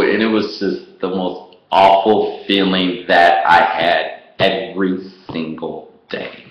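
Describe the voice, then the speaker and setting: A man vlogger telling his personal story to the camera in an animated way, laughing often and acting out what he once said. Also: low voice, slow, few pauses. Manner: animated, laughs often, acts out his own past words. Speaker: online business vlogger. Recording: roomy echo.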